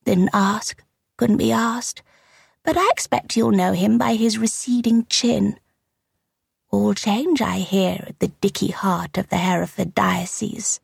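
A woman's voice: medium pitch, fairly even intonation, measured pace, creaky, breathy edge, no echo, studio quality, pitched above the performer's own voice, full character voice. A woman reading an audiobook voices a sly, spiteful elderly woman with a tiny, kittenish voice and a gossipy, catty manner.

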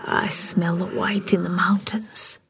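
A woman's voice: fairly low pitch, fairly even intonation. A woman reading in a whisper, voicing an entranced, dreamy man who speaks of visions. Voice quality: breathy. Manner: slow, drifting whisper.

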